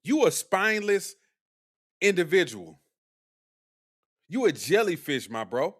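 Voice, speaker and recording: A man's voice: a little high, very animated, a little slow, pauses often, fairly bright tone. Combative young man on a live stream. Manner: blunt, combative, preachy slang-heavy delivery. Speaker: livestream commentator. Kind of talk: live-stream commentary reacting to chat.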